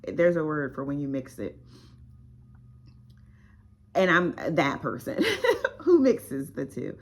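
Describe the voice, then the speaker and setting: A woman's voice: low voice, very animated, takes it slowly. A woman author unboxing her own book in a casual vlog, chatty and emotional with frequent exclamations.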